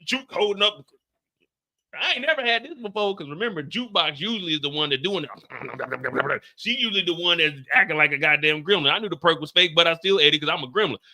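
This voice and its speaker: A man recapping a TV episode in animated reaction commentary, loud, profane and joking. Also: a little high, brisk.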